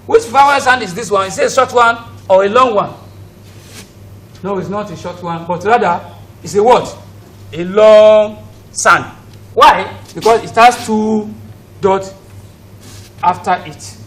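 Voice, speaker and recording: High, bright Nigerian teacher drilling pronunciation. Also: male voice, measured pace, long pauses, distant mic, low-quality recording. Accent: Nigerian English. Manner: drills pronunciation, asking "but what?" and repeating each word. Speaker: English teacher. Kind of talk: recorded classroom lesson for students at home.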